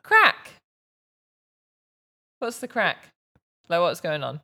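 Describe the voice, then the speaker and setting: A woman's voice: fairly low pitch, very animated, normal speed, a bit bright. A young British woman with a British accent, casually quizzing a friend and correcting his pronunciation with amused teasing. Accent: British English. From Britain. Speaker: vlog host.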